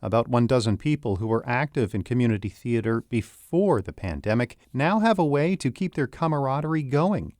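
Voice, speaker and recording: A man hosting a radio news program in a steady, formal scripted read. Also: medium pitch, fairly quick, few pauses, no room sound, clean studio sound. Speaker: radio show host.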